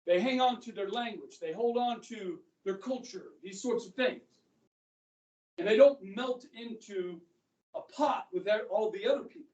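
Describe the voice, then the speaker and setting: A man's voice: high voice, a little slow, a little mellow, dull audio. A man lectures a history class in a loose, joking way, throwing questions out to the room. He stands well back from the microphone. The classroom gives his voice a hollow, echoing ring. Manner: casual, joking, fires rhetorical questions at students. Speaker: history teacher. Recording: echoey classroom, speaker far from the mic.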